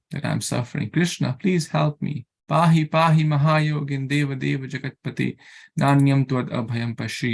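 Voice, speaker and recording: This scripture class speaker has a mid-range voice with vocal fry. In his earnest sermon he repeats himself, questions his listeners rhetorically, and includes chants and Sanskrit verses.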